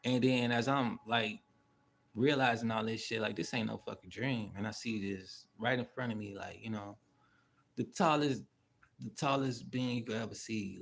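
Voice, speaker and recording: Low-voiced man telling a story. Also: vocal fry, fairly bright tone. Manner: loose and slangy, heavy swearing; rambling, with many fillers and asides. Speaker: channel host. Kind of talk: casual spoken storytelling.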